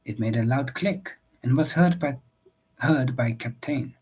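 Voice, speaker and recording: A man reading a novel aloud in a steady, measured storybook narration. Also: medium pitch, slightly rough, rough recording. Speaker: audiobook reader.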